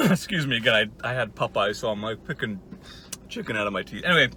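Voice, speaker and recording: Sarcastic, cursing guy with a bright voice. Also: mid-range voice, animated, quick pace, a little hiss or hum. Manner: profane, sarcastic, rambling. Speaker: channel host. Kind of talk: casual ranting commentary.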